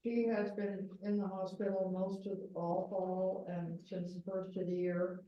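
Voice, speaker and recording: A woman's voice: medium pitch, little pitch movement, a little slow. A woman at a group meeting giving a matter-of-fact update on a member. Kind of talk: casual meeting report. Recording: distant, echoey, muffled, hissy room mic.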